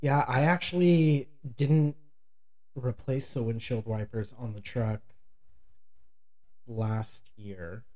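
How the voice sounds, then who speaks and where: A man co-hosting a podcast in easy, casual banter. His voice has a warm, mellow tone at a middling pitch. He often breaks off and restarts his sentences. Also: fairly even intonation. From Northern California. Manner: chatty, halting restarts. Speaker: podcast co-host. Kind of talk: casual chat.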